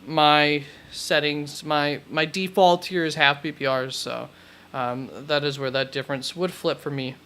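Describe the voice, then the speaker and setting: A fantasy football host speaks in a fairly high, steady, sharp-toned male voice at a slightly slow pace. Hosting a live stream, he chats casually and thinks aloud while answering questions, often correcting himself mid-thought.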